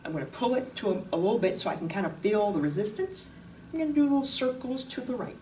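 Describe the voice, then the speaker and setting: Woman, fitness instructor, bubbly and joking, lively pitch, echoey room, faint noise. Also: fast talker, distant mic. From Pacific Northwest of the US. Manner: bubbly, jokey, chatty. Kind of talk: casual exercise demonstration. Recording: roomy echo, voice from off the mic, faint noise.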